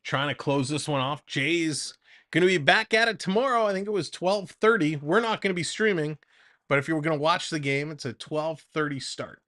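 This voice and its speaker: A man calls a baseball game on a live fan stream in a loose, chatty way. His voice sits a bit high for a man, and between pitches he drifts into side chatter. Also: normal speed, pushed and bright. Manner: chatty, wanders into side banter between pitches, laughs often. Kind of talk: casual live play-by-play commentary.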